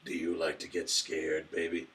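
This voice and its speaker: A man putting on a deep, slow, seductive male movie-trailer voice. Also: monotone, fairly bright tone, recorded from a distance, slight background noise.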